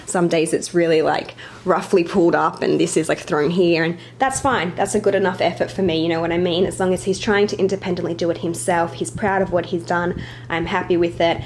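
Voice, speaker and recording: A young woman vlogger gives a chatty, casual home tour, a bit out of breath and apologizing now and then. Her voice is fairly low with fairly even intonation, brisk in pace, with a little hiss or hum in the recording.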